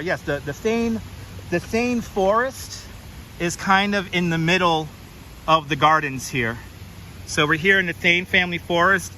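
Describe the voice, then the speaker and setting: A man's voice: on the high side, pushed and bright, a little hiss or hum, low-quality recording. A man hosting a chatty walking livestream outdoors, greeting viewers and reading signs aloud on a clip-on mic. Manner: chatty, jokey, reads sign text aloud, greets viewers. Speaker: livestream host. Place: outdoors in a forest garden. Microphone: wireless clip-on mic.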